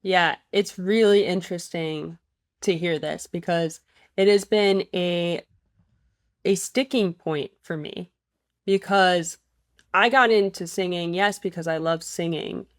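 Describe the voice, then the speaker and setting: A woman hosting a casual podcast chat about singing, thoughtful and chatty as she sets up her questions. Her voice sits a little low for a woman, and the recording is dry and close. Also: steady tone, takes it slowly, dry recording. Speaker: podcast host and voice teacher.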